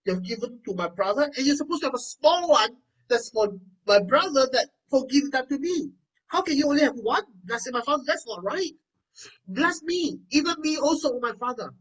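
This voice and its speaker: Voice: high-pitched, bright, forceful tone, pitched above the performer's own voice, rough recording. A preacher voicing Esau, a grown man pleading indignantly with his father for a blessing.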